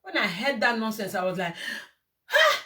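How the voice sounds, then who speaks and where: A woman's voice: medium pitch, expressive, fast, pushed and bright. A woman with a Nigerian accent, ranting and scolding in a heated video monologue. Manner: scolding, heated, mixes Pidgin and Yoruba phrases. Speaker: vlogger. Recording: distant from the mic.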